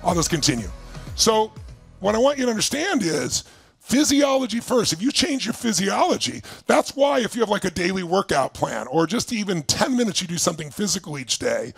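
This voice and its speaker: A man leading an online seminar as a motivational speaker, energetic and emphatic, firing questions at his audience. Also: high voice, no echo. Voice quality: gravelly, husky. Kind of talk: live online seminar coaching. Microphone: speaking to camera for remote viewers.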